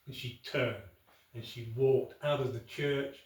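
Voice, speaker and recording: Male folk-tale storyteller with dramatic pauses, recorded far off in a very roomy space. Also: medium pitch, steady tone. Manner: unhurried, dramatic pauses, rhetorical asides. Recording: echoey room, from far off.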